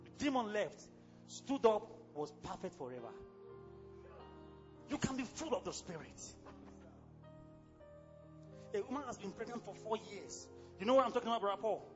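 A man with a Nigerian accent preaching a sermon as pastor, fiery and exclamatory, breaking into sudden shouts. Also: high voice, lively intonation, moderate pace, long pauses, muffled recording, music in the background.

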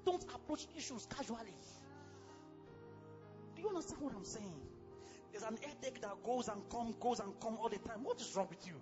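A man with a Nigerian accent preaching a sermon as pastor, fiery and exclamatory, breaking into sudden shouts. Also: extremely high pitch, lively intonation, normal speed, long pauses, dull audio, music in the background.

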